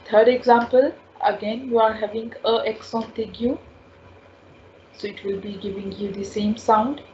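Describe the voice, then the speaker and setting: A woman's voice: a little high, steady tone, moderate pace, darkish tone. A woman teaching a French lesson, patiently repeating each word and sound several times. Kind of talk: slow spoken language lesson. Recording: dull lo-fi audio with faint ambient noise.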